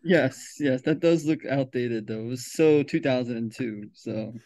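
A man improvising as a ghost hunter in a tabletop game, animated, encouraging and joking. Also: mid-range voice, measured pace. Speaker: player voicing a ghost hunter. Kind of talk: improvised role-play.

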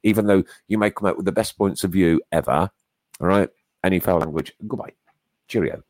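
A man's voice: low voice, fairly quick, a little mellow, no room sound. A man co-hosting a casual football podcast, chatty and running through league standings. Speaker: podcast co-host. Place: small studio.

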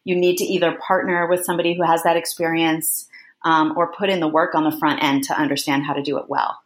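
A woman's voice: low-pitched, little pitch movement, quick pace, echoey room. A woman guest in a casual interview who talks enthusiastically and thinks aloud, often restarting her sentences.

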